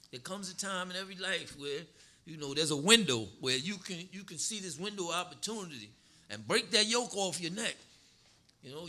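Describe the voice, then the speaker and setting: A man's voice: sits high, pushed and bright. A man teaching scripture to his congregation in a casual, colloquial way, often laughing.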